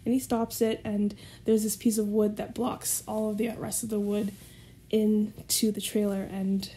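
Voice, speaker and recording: Woman, podcast guest, casual storytelling, mellow, flat intonation, laughs often. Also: mid-range voice, unhurried, slight background noise.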